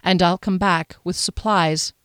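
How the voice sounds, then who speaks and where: A woman's voice: on the low side, steady tone, measured pace, fairly bright tone, clean tone, no echo, clean studio sound. A woman voicing a worried middle-aged shopkeeper and mother, earnest and anxious, in a slightly raised voice. It is an audiobook reading.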